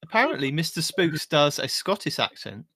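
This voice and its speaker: A man with a fairly high voice co-hosting a casual podcast, teasing his guests in a dry way. Clear noise hisses behind his voice. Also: sing-song, moderate pace. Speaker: podcast co-host. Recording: noisy background.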